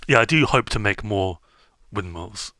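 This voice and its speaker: A streamer man talks through his game in a loose, rambling way, circling back on himself with plenty of fillers. His voice sits on the low side but has a bright, forward edge. The sound is dry, with no room echo. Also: lively intonation, a little slow. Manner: rambling, self-interrupting, many fillers. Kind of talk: casual gameplay chat.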